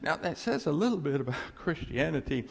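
A man preaching a sermon as a pastor, animated and laughing often, dropping to a hush on key phrases. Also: a little high, fairly quick, vocal fry. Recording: long hall reverb.

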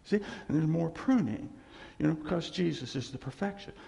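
A man preaching a sermon in a church, animated and laughing, acting out voices as he tells stories. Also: on the high side, normal speed, creaky. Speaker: pastor. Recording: echoey hall reverb.

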